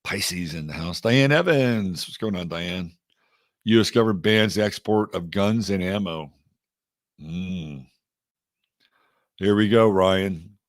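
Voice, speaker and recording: A middle-aged man from Texas with a low voice runs a casual livestream, reading off items and greeting his viewers one by one by name. His chatty, easygoing talk is recorded dry and close, with no room echo. The whole stream feels loose and unhurried. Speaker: astrology livestream host.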